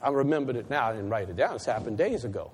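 A man preaching a sermon as pastor, swinging from loud emphatic peaks to quiet asides. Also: medium pitch, lively intonation, quick pace, slight background noise. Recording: long hall reverb.

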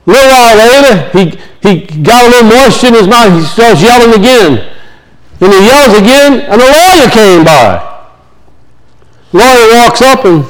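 A man preaching with a high, lively voice that swings widely in pitch. He tells stories in a folksy, plain-spoken way, building his points through repetition. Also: moderate pace, rough recording. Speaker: pastor. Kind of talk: sermon.

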